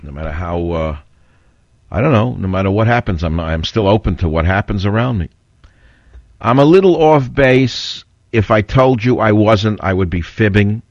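Older man, talk radio host, blunt and rambling; low-pitched, dry and a little lo-fi. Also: lively intonation, moderate pace, a little mellow, no echo. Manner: blunt, combative, rambling storyteller. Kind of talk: opinionated talk radio monologue. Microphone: studio mic. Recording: dull, slightly lo-fi radio audio.

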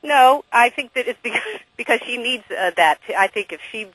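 A woman calling into a radio show, wry and quick with punchlines. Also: fairly high pitch, animated, a bit bright, husky, no room sound, low-quality recording. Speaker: radio caller. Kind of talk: joking call-in banter.

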